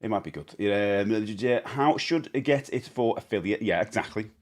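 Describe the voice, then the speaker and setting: A British man in his forties talks casually on his live stream, rambling with lots of fillers and quick greetings to viewers. His voice sits on the low side. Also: lively intonation.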